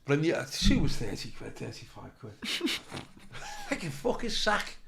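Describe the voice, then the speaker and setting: Comedian guest, male, high and very animated, mimics characters as he talks. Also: moderate pace, creaky, slight background noise. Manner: animated storyteller, swears freely, acts out other people's voices. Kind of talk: anecdote-telling in casual chat.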